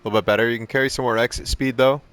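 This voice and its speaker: Bright, crisp-voiced man coaching sim racing. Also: medium pitch, steady tone, very fast, no room sound. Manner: casual, swears often, repeats "you know what I mean"; short driving instructions. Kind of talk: live-streamed coaching chat.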